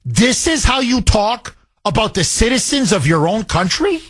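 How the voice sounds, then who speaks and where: A man's voice: high voice, very animated, normal speed, husky. A man hosting a talk radio show, delivering an indignant monologue full of rhetorical questions.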